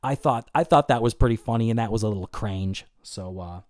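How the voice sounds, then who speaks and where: A man with a lowish voice and a dark, mellow tone hosts a casual livestream, reacting to chat comments. He rambles and swears freely, restarting sentences as he goes. The sound is dry and close, with no room around it. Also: brisk, no room sound. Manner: rambling, profane, many fillers and restarts. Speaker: livestream host.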